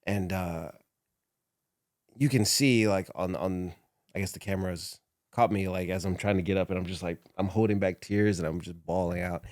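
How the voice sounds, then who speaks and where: A man's voice: low voice, fairly even intonation, moderate pace, darkish tone, dry recording, studio quality. A man, a former wrestler, recalling his career in a casual interview, laughing often as he talks. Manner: laughs often, emotional recollection. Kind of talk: casual storytelling.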